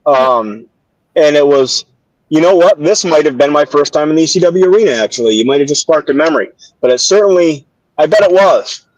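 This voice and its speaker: A man's voice: a little high, expressive, brisk, no echo, muffled recording. An older man, a former wrestler, telling stories in a casual interview over a video call, with many restarts and fillers. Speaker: guest, former pro wrestler.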